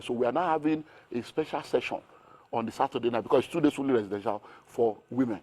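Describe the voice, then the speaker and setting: Middle-aged Nigerian man, business-mentor guest; rapid and energetic, keeps asking "how do you" questions. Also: mid-range voice. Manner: energetic, piles up rhetorical questions. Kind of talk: animated interview talk.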